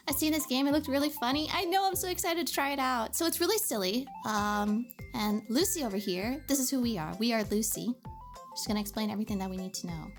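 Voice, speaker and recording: Chatty gamer girl streaming from home, high voice that jumps all over, lots of giggles. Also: lively intonation, moderate pace, pauses often, over music. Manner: bubbly, giggly, chatty with chat. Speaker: livestreamer. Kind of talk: casual livestream chat.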